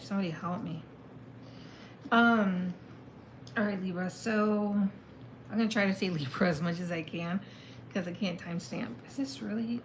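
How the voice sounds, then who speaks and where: A woman's voice: mid-range voice, noisy background. A woman giving a casual live tarot reading, chatty and thinking aloud as she exclaims over the cards. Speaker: tarot reader.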